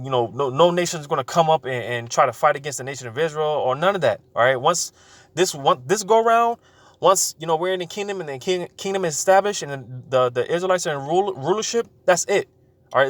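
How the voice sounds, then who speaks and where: A man's voice: medium pitch, dry recording. A man giving a casual preaching talk to his channel, loose and informal, full of fillers and repeated words. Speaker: religious video host.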